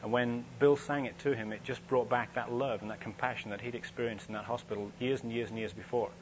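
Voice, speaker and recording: A man's voice: medium pitch, fairly even intonation, fast talker. A man preaching a sermon in a conversational, storytelling way, with frequent restarts. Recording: dull, slightly noisy lo-fi recording with hum.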